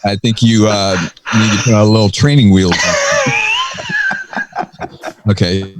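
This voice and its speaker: A man hosting a podcast, chatting casually in an excitable, rambling way and swearing freely. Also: lowish voice, brisk, very noisy. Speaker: podcast host. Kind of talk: casual chat.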